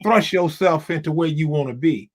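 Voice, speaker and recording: A man's voice: fairly high pitch, normal speed. A man talking casually over a video call, emphatic and repetitive, like a preacher. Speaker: guest. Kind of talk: casual chat.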